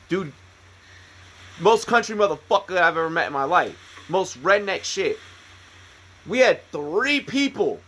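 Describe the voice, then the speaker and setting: A man in his thirties with a slightly high, husky voice. He rambles through a story with constant profanity, cutting himself off and starting again, in a loose, casual podcast chat. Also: a bit bright. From United States. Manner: profane, rambling, many restarts. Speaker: podcast co-host, military veteran.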